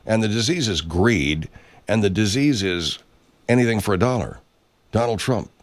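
Host: man, low-pitched, swooping delivery, angry profane sarcastic ranting. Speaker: political commentary host. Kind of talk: profane political rant.

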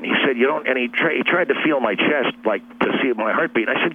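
A man's voice: mid-range voice, fast talker, hardly any pauses, breathy edge. A man calling into a radio show, telling a long, rambling story and getting worked up as he repeats himself. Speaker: caller. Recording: phone line.

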